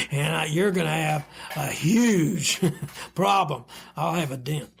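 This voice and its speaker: Speaking slowly in a fairly high, creaky voice, an older man from the United States recounts anecdotes on a podcast. A retired vice admiral being interviewed, he often chuckles and acts out the dialogue.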